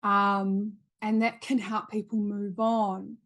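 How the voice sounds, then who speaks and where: A woman's voice: mid-range voice, flat delivery, slow pace, fairly bright tone. A middle-aged woman with a New Zealand accent, a podcast guest telling a story in earnest, repeating phrases for emphasis. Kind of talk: storytelling in an interview.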